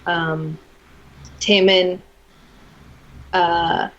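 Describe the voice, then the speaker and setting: A woman playing a tabletop game and speaking hesitantly and slowly as she narrates her character's moves. Her voice is at a middle pitch, and the recording sounds slightly dull and muffled. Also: level tone. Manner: hesitant, soft-spoken, laughs between lines. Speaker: player.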